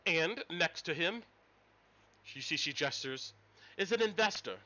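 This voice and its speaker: A man runs a tabletop game in an easygoing, unhurried storytelling voice that sits a little high and sounds bright. The audio is muffled, like a lo-fi stream. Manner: relaxed storytelling with frequent ums. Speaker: game master.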